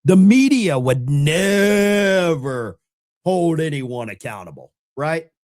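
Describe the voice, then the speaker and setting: A man's voice: on the high side, very animated, slow pace. Sarcastic man streaming from home. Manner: mocking, sarcastic, swings loud and quiet. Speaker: livestream host. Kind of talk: casual livestream commentary. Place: home room. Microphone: desk camera mic.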